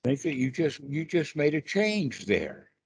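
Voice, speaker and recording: A man teaching meditation in a casual chat over a video call, speaking slowly and deliberately. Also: fairly high pitch, big pitch swings, breathy edge, no room sound.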